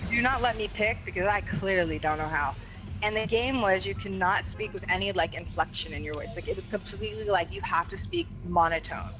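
A woman streams a shooter game and chats casually with her teammates. Her voice sits slightly low, and she swears freely and laughs often. Steady background noise runs under her mic. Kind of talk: casual gaming chat.

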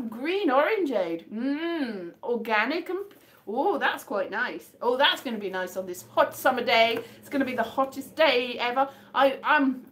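Lively chatty British woman vlogger. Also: fairly high pitch. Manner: chatty, rambling, self-amused. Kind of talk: casual chat, guessing items by touch.

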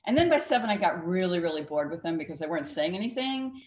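A woman's voice: on the low side, very animated, fast talker, a little hiss or hum. A woman author and cartoonist being interviewed on a talk show, talking emphatically with a storyteller's flair. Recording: echoey studio room.

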